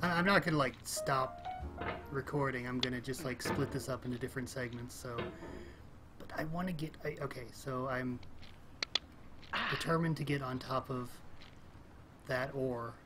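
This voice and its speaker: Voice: mid-range voice, moderate pace, pauses often, loud music behind the voice. A gamer giving casual, rambling commentary while playing, thinking aloud with frequent little laughs and exclamations. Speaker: let's play gamer.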